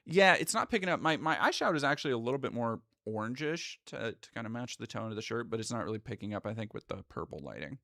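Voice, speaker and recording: A man's voice: mid-range voice, big pitch swings, fast, gravelly, hardly any pauses, sharp tone, dry recording, clean studio sound. A man live streaming, rambling through sarcastic casual commentary with lots of restarts.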